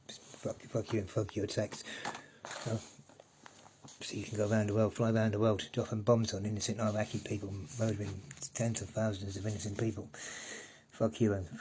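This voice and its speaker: A man's voice: lowish voice, mellow, a little hiss or hum. A middle-aged man from England, talking to camera in a loose, rambling, profane monologue. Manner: profane, ranting, loose and wandering. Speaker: vlogger.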